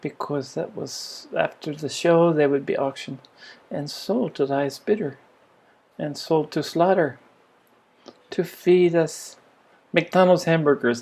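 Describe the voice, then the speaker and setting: An older man telling a childhood story in a reflective spiritual talk, musing and rambling with restarts and soft laughs. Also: on the high side, unhurried, creaky. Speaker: spiritual teacher.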